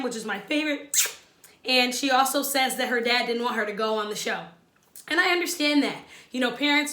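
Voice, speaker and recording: Woman vlogger, high and bright, sassy, talks right at viewers. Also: echoey room. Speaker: reality show recap vlogger. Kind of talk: casual opinionated recap.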